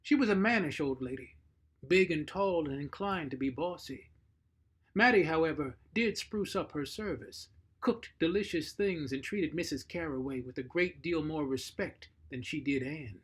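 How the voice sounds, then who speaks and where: A man reading a short story aloud, measured and expressive. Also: a little high, breathy edge. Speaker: narrator.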